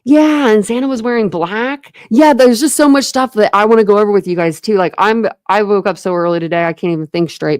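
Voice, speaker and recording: A woman's voice: mid-range voice, fairly quick, few pauses, darkish tone, no room sound, clean studio sound. A young woman from Ohio hosting a casual true crime livestream, rambling and chatty with lots of fillers and restarts. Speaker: true crime channel host. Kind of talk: casual livestream chat with viewers.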